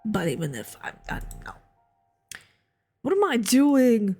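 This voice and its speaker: A young woman playing a game, reading its lines aloud and talking back to it excitedly. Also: fairly high pitch, a little slow, husky, soft background music. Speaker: gamer streamer. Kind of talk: let's play, reading dialogue aloud.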